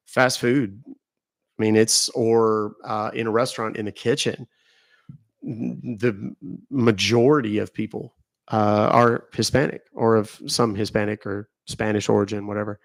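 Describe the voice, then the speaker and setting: A man's voice: lowish voice, creaky, dry recording. A middle-aged man, chatting casually on a phone livestream, rambling as he answers viewer comments. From Texas. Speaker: livestream host.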